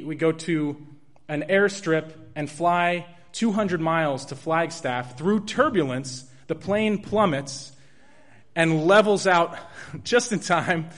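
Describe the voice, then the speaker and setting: A young man telling a true personal story in an earnest, halting way, with restarts and soft laughs. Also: fairly high pitch.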